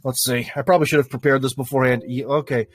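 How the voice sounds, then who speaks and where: A man's voice: medium pitch, fairly even intonation, racing, husky, dry recording. A man in his forties hosting a casual livestream, rambling and joking at his own expense, with lots of fillers. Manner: rambling, self-mocking, many fillers. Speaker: livestream host.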